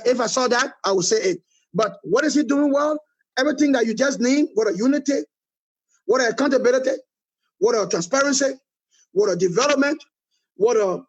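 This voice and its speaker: Heard through a muffled recording, an extremely high-pitched middle-aged man with a Liberian accent answers an interviewer as a political movement leader. His criticism is emphatic, and he hammers each point by saying it again.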